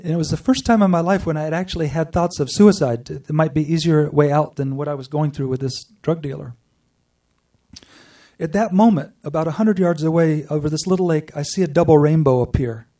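A man giving an earnest personal testimony to a group, telling his story with pauses and restarts. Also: a little high, warm tone, distant mic. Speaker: speaker sharing a personal spiritual story.

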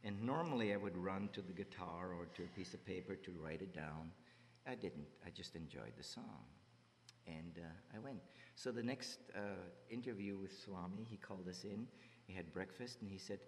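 A man slowly and softly telling a personal devotional story to an audience. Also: low voice, slight background noise. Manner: slow, soft-spoken, recounting with quoted dialogue. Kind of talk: storytelling to an audience, then singing a devotional song. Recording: long hall reverb with guitar music behind. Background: guitar music.

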